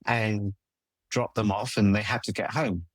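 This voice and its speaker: This is a conversational storytelling interview: a middle-aged relationship coach, voice fairly low and intonation fairly even, recounts personal experiences unhurriedly. He is emphatic and sincere with many restarts, recorded dry.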